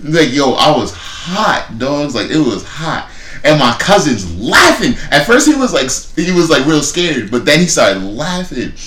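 A man's voice: a little high, very animated, measured pace, a bit bright, echoey room. A man, co-hosting a podcast and telling a story in casual chat, laughing often and acting out the lines he quotes. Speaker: podcast co-host.

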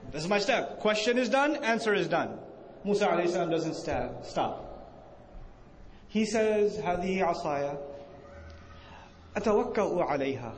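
High-voiced man lecturing in an echoey hall. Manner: questions the audience and answers himself; acts out quoted speech with rising emphasis. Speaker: Islamic teacher. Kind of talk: religious lecture to a live audience. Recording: echoey hall with faint noise.

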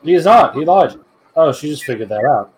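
A man's voice: on the high side, animated, a little fast, a little hiss or hum. A man co-hosting a podcast, giving a crude, joking running commentary while watching a film. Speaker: podcast co-host. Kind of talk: casual movie watch-along chat.

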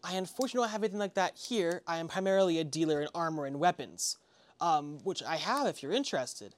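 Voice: medium pitch, animated, quick pace, a little hiss or hum, lightly acted. A game master voicing an honest female dealer in armor and weapons, speaking politely and a little formally. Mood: earnest.

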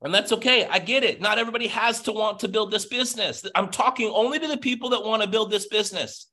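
A man giving a passionate motivational pep talk as a business coach, nearly yelling, over a video call. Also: high voice, fast talker.

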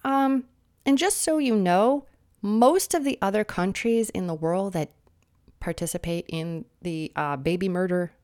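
A woman's voice: unhurried, darkish tone. A woman in her thirties delivering a sarcastic, mocking political commentary monologue, a little sniffly, lecturing her listeners. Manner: mimics opponents in shrill voices.

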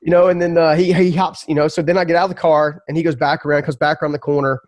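Fast-talking earnest man. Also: on the high side, dry recording. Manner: earnest, emphatic, repeats words when excited. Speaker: podcast guest, entrepreneur. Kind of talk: storytelling in a podcast interview.

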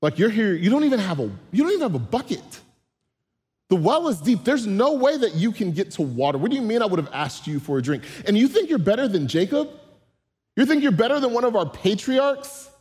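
A preacher voicing a skeptical, sharp-tongued Samaritan woman in a retold Bible story. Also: on the high side, big pitch swings, long reverb tail. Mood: incredulous. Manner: incredulous, quick, streetwise banter.

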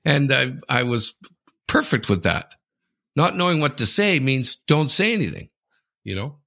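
Gravelly, animated man telling a story. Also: normal speed. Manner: animated storyteller, keeps saying the host's name, mimics others in a high voice. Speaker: podcast co-host. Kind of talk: casual sports podcast chat.

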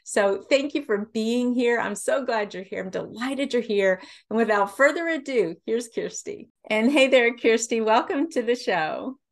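A woman's voice: a little high, lively intonation, a little slow, few pauses. Gushing woman host. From Kentucky, USA. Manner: gushing, effusive. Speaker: podcast host. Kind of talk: enthusiastic podcast introduction and interview.

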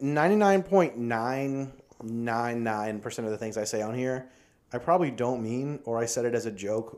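A man's voice: mid-range voice, a little mellow. A man hosting a podcast, a comedian talking loosely and profanely in casual chat, acting out quoted lines as he goes.

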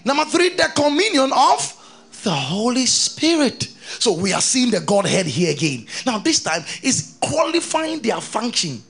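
A man preaching a sermon, reading scripture aloud and keeping on questioning his congregation in an animated way. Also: extremely high pitch, a little slow, gravelly, breathy edge. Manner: reads scripture aloud between explanations.

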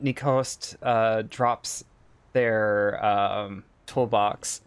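A man's voice: lowish voice, steady tone, very slow, clean tone. A man running a tabletop game as game master, narrating with lots of hesitant fillers.

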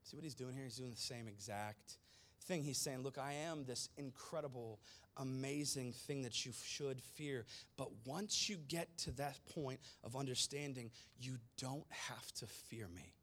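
A male preacher giving an animated, conversational sermon with slangy asides. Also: mid-range voice, normal speed.

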